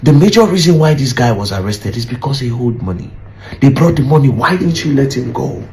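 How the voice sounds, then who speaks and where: Gravelly man pleading for justice. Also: medium pitch, animated, brisk, a little mellow. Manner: pleading, rhetorical. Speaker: commentator. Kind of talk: impassioned appeal to the police. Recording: faint background noise.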